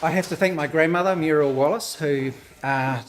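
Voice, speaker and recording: Over a noisy crowd and heavy background noise, a man with a fairly high-pitched voice gives thanks at a gallery opening where his work is shown. He sounds nervous and halting, restarting and laughing softly, his voice slightly hoarse and emotional.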